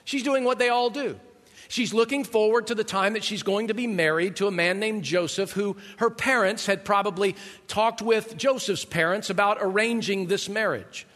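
Long hall reverb surrounds a middle-aged male pastor giving a chatty sermon full of rhetorical questions for his listeners. He talks at a normal speed in a high, fairly bright voice.

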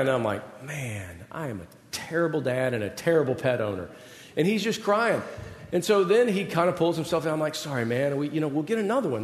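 Speaking quickly with big swings in a slightly high voice, this middle-aged pastor shares self-deprecating personal stories in a conversational sermon. He's in a large hall before an audience, and the sound carries a long, roomy reverb.

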